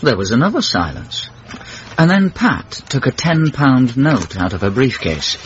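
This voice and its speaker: A man narrating a radio comedy drama with wry, measured storytelling. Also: mid-range voice, big pitch swings, slight background noise. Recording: dull lo-fi radio broadcast.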